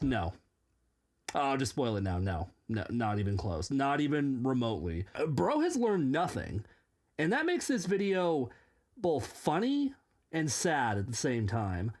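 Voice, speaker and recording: Animated, sarcastic woman reaction host. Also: sits low. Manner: sarcastic, mocking, exaggerated. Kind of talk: comedic commentary.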